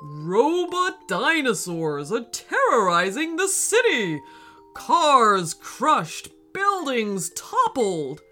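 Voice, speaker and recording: A woman's voice: fairly high pitch, huge pitch swings, drawn-out words, pushed and bright, faint music behind, heavily acted. A woman voicing a formal, urgent radio news announcer in a storybook reading.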